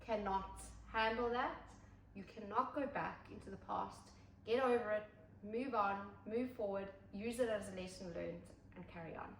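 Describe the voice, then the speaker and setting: A woman co-hosting a podcast in casual chat, brisk and upbeat with quick agreeing asides. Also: mid-range voice, a bit bright. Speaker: podcast co-host. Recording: roomy, distant mic, faint noise.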